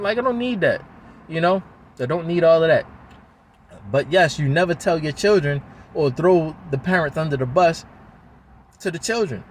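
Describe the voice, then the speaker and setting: A man's voice: a little high, animated, moderate pace, pauses often, slight background noise. A man from talking to the camera, venting in a heated, rambling way and swearing often. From Baltimore, USA. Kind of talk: emotional venting monologue.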